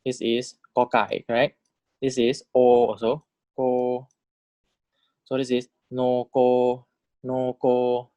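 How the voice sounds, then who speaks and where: A man teaching a recorded lecture, patiently drilling syllables, repeating each one and checking with "right?" while modeling tones with exaggerated pitch jumps. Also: darkish tone, no echo, lo-fi sound. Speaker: language teacher.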